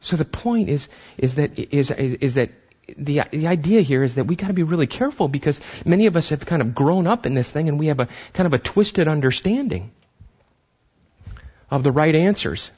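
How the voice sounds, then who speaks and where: A man preaching a sermon as pastor, animated, acting out voices and often restarting his sentences. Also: a little high, fairly quick, breathy edge, lo-fi sound.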